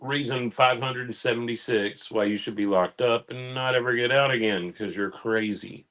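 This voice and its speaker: A man's voice: medium pitch, fairly even intonation, normal speed, fairly bright tone. A man hosting commentary, mocking and sarcastic in casual chat. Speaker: commentary host.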